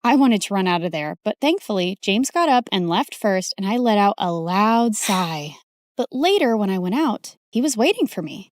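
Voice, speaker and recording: A woman narrating an animated story in first person, expressive and dramatic. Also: mid-range voice, moderate pace, no room sound, studio quality.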